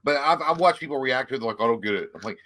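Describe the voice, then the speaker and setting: A man from Kentucky co-hosting a movie livestream, swapping crude jokes in a fast, loose banter. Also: mid-range voice, animated, a bit bright. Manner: quick, crude, joking banter. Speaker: co-host of a movie talk livestream. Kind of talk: casual chat.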